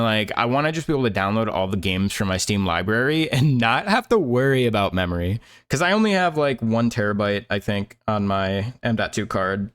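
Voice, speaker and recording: A man's voice: fairly low pitch, fairly bright tone, smooth. A young man chatting casually on a stream while drawing, rambling with lots of fillers and laughing at himself.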